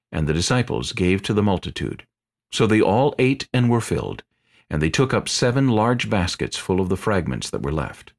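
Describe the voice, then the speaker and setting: A man reads scripture aloud in a low, clear voice. His pace is steady and even. His pitch rises and falls in a lively way. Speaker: narrator.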